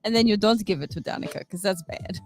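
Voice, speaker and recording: A woman's voice: mid-range voice, fast, faint music behind. A woman co-hosting a casual comics talk show, joking sarcastically and reading blurbs. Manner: playful, sarcastic, giggly. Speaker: podcast co-host at a comic shop.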